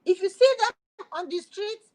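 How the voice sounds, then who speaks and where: Slow, emphatic elderly woman educator. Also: very high voice, darkish tone, low-quality recording. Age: older. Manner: slow, deliberate, emphatic phrasing. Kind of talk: measured explanation.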